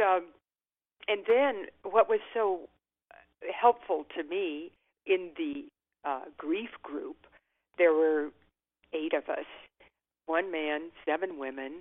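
An older woman being interviewed, speaking candidly and reflectively, often with a soft laugh. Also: sits low, slow pace, pauses often. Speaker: guest author. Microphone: telephone. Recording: tinny phone line.

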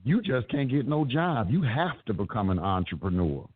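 A man's voice: medium pitch, big pitch swings, moderate pace, husky, dry recording. A man telling his story as an interview guest, blunt and emphatic, cursing heavily as he talks. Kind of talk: profane, animated storytelling. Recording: tinny, dry phone-like sound.

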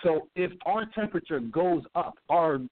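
A man's voice: fairly high pitch, moderate pace. Man explaining through a tinny line. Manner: explaining, stammering restarts. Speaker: podcast co-host. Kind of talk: casual political chat. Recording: tinny phone-like sound.

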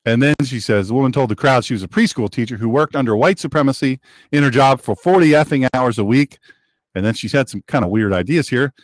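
A man's voice: medium pitch, quick pace, no echo, clean studio sound. A man hosting a talk show, giving an opinionated monologue in an emphatic, sarcastic, preachy manner.

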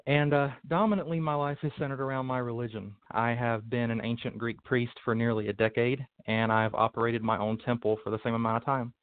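A man's voice: medium pitch, steady tone, a little fast, hardly any pauses, clean tone, no room sound. A man with a North Carolina accent answering interview questions as a guest, hesitant with many fillers. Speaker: guest, priest. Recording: tinny phone-line sound.

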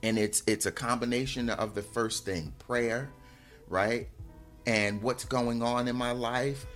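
A man hosting a show as a life coach, giving a gentle, reflective talk on grief and often checking in with "right?". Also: mid-range voice, steady tone, measured pace, soft background music. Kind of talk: heartfelt motivational talk.

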